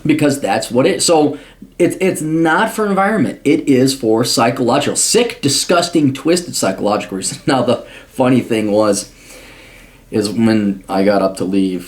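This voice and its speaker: A man's voice: mid-range voice, animated, moderate pace. A man giving an angry, blunt, profane monologue answering a viewer's question, with frequent restarts. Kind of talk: ranting commentary monologue.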